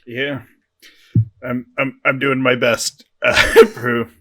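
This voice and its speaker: A player in a tabletop game, quick to joke and laugh. His voice is bright and forceful. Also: medium pitch, flat delivery, faint music behind. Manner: laughing, joking. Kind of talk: casual tabletop game chat.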